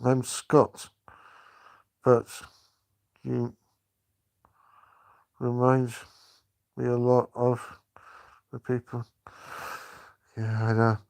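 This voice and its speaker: An older man chatting on a live stream, halting and rambling with many restarts. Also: mid-range voice, level tone, gravelly, a little mellow. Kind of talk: casual live-stream chat.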